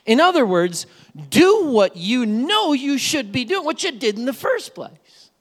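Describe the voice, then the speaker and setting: A man preaching a sermon as pastor, animated and playful, with storytelling asides. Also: very high voice, measured pace. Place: church sanctuary.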